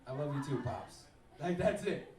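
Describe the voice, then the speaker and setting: A man performing a stand-up story on stage, acting out quoted voices and hitting punchlines loudly. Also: on the high side, lively intonation, moderate pace, reverberant, distant mic, poor audio. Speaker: stand-up comedian. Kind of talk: stand-up routine. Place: comedy club stage before live audience.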